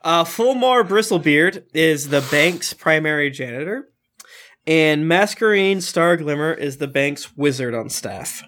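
A man running a tabletop game as dungeon master, animated and quick to laugh. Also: fairly high pitch. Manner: animated, laughs often, quick character voices.

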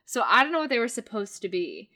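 A woman's voice: fairly high pitch, wildly swooping pitch, fast, pushed and bright. A woman in casual chat, rambling and correcting herself as she tells a story about a show.

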